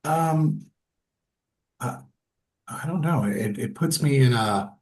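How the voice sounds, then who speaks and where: A man's voice: medium pitch, lively intonation, takes it slowly, a little mellow. A middle-aged man talking candidly and self-deprecatingly in a casual conversation, acting out what people said. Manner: candid and self-deprecating, acts out quoted voices. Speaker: guest sharing personal stories.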